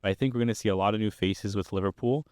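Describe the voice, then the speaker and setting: Smooth low-voiced young male podcast host. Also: very fast, darkish tone, dry recording, studio quality. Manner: upbeat, steers the talk with questions. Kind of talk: casual sports chat.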